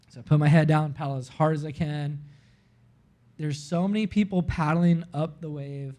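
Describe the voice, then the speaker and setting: A man from Florida, a guest on a live podcast, telling a long story in an animated way, peppered with "like" and acting out what people said. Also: a little high, moderate pace. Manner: animated, heavy use of "like", acts out his own quotes.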